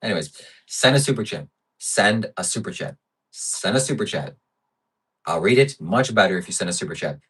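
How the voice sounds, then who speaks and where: A man's voice: fairly low pitch, expressive, normal speed, husky. Sarcastic male livestream host. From Ukraine. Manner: sarcastic, swings from mock outrage to soft preaching. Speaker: livestream host reading chat. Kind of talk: casual livestream chat.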